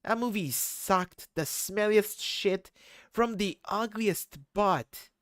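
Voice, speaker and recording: A man's voice: high voice, takes it slowly, no room sound, clean studio sound. A man voicing a laid-back, sardonic teen boy who mocks and swears. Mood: deadpan. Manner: mocking, profane, deadpan jabs.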